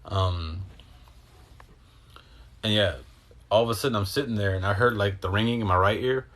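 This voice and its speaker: Brief: young man, lowish voice, loose rambling monologue, swears a lot, jumps between thoughts. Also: moderate pace. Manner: animated, acts out his own reactions. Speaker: podcast host. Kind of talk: casual storytelling.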